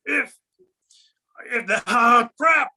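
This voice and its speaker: A man voicing a brash puppet comedian who tells holiday puns and shouts his punchlines. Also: extremely high pitch, animated, drawn-out words, vocal fry, heavily acted.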